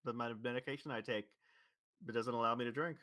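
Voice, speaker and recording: This guy from Louisville, Kentucky talks fast in a mid-range voice with a neutral General American accent, his tone steady, bright and forceful. It's casual chat, and he rambles, correcting himself and restarting again and again. There's no room sound.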